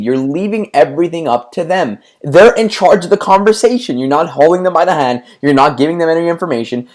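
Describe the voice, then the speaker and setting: A man's voice: on the high side, a little mellow. A man coaching business owners, speaking emphatically in repeated lists of instructions, with frequent stammered restarts. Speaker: marketing coach for martial arts schools. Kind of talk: instructional talk to school owners.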